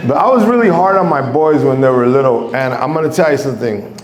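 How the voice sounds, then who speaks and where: Profane, rambling middle-aged comic. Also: male voice, mid-range voice, fast, a crowd in the background. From Mexico. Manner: profane, rambling, animated with quoted voices. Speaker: stand-up comedian. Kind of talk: stand-up storytelling. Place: comedy club stage. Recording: echoey club room.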